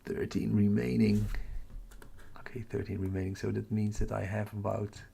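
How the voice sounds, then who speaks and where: Over slight background noise, a Dutch man with a lowish, mellow voice and vocal fry talks at a moderate pace in a level tone. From the Netherlands, he hosts a laid-back astrophotography livestream, chatting with viewers about their comments and muttering while tracking captures.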